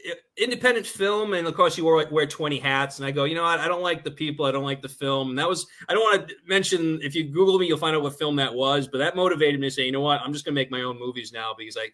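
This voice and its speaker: A man with a nasal New York accent, chatting animatedly as a guest filmmaker and telling stories quickly. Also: a little high. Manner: fast-talking, animated storyteller. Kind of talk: casual talk-show chat.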